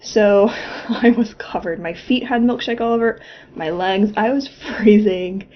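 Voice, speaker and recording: A woman's voice: medium pitch, measured pace, highs cut off. Chatty, swearing young woman storyteller. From Florida. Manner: chatty, profane, laughing asides. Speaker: vlogger. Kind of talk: casual storytelling.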